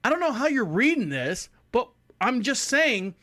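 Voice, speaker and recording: A man in his forties hosts a podcast in casual conversation, his voice very high and his pace normal. Captured in clean studio sound with no echo, he tells stories animatedly and acts out the people he quotes.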